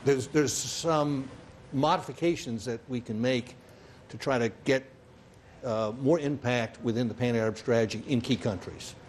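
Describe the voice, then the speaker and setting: Mid-pitched man in a meeting. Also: moderate pace, darkish tone, slight background noise. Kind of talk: board meeting discussion.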